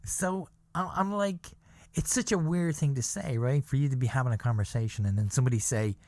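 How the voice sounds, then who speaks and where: A man tells a coworker's story on his podcast. He rambles, trips over his words and laughs at his own tale. His voice sits at an ordinary pitch and sounds dry and close to the mic. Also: animated, fairly quick, darkish tone, no room sound. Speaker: podcast host. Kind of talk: casual storytelling monologue.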